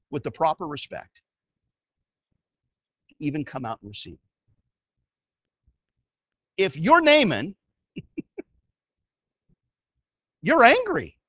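A man preaching with a high, bright voice. His pitch moves a lot as he tells the story, dropping to a hush at times. The sound is dry and a bit muffled. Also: no room sound. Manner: animated storytelling, swings from loud to hushed. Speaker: pastor. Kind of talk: sermon.

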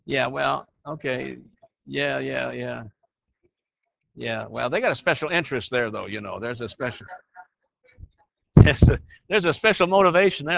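A man's voice: mid-range voice, lively intonation, unhurried, gravelly, pauses often, dry recording. An older man who counsels and teaches church leaders, talking in a folksy, conversational way that slips into preaching. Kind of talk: informal teaching to a group. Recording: dry, muffled lo-fi recording.

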